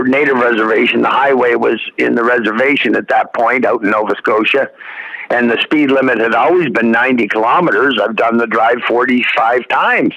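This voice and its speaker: A man's voice: mid-range voice, sharp tone. Man, folksy, earnest, casual talk co-host, dull lo-fi audio. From Ontario, Canada. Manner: folksy, earnest, frequent restarts. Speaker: podcast co-host. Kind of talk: casual conversational advice.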